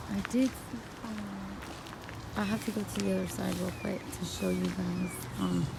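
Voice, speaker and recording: A woman's voice: medium pitch, vocal fry. A woman chatting casually as she films a walk through an outdoor plant nursery, thinking aloud and correcting herself, on a handheld phone. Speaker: vlogger. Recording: loud outdoor noise with birds and traffic.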